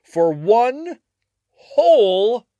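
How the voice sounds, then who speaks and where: A man's voice: very high voice, sing-song, very slow, warm tone, clean tone, dry recording, highs cut off. A man co-hosting a casual history podcast, telling the story in a jokey way and acting out little scenes. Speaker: podcast co-host.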